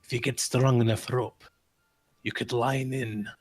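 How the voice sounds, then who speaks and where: A man's voice: mid-range voice, fairly even intonation, a little slow, faint music behind, close to an everyday voice. A man doing a guarded old former adventurer.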